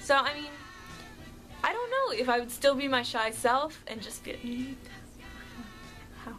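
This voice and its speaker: A woman's voice: sits high, very animated, moderate pace, a bit bright, faint music behind, poor audio. A young woman vlogger chatting casually through a fan question list, rambling and a bit shy.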